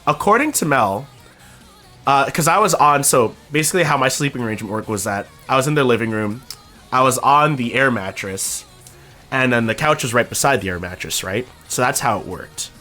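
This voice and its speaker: A young Canadian man tells his stream chat a story, speaking a little fast over faint background music. He's animated, swears casually now and then, and acts out quotes with big jumps in pitch.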